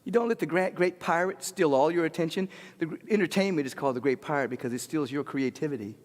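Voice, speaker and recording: A man delivering an impassioned sermon in a rhythmic, repetitive cadence, swinging between shouts and hushed murmurs. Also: fairly high pitch, fast talker. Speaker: spiritual leader. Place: large spiritual center sanctuary. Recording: long hall reverb.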